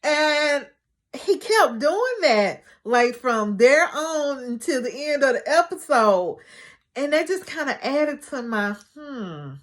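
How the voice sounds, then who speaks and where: A woman vlogger recapping a TV episode in casual chat, chatty and animated with joking asides. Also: high-pitched, measured pace.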